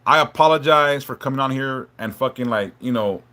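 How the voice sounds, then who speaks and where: A man hosting a live stream, talking haltingly and emotionally, stumbling and repeating words, swearing a lot and apologizing for opening up. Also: mid-range voice, sharp tone. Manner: apologetic and openly vulnerable. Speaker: livestream host reading chat.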